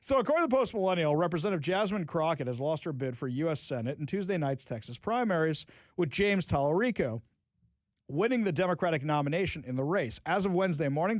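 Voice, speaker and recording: A man's voice: fairly high pitch, no echo. Sarcastic man hosting political talk radio. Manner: sarcastic, mocking asides; reads news items aloud, then comments on them. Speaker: radio talk show host.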